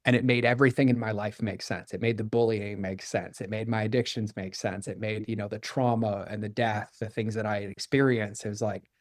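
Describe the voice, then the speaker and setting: A man with a fairly low voice tells a personal story as a podcast guest. He is candid and animated, and he acts out the dialogue he quotes. The sound is close and dry, with no room around it. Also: brisk, few pauses, dry recording. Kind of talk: storytelling in conversation.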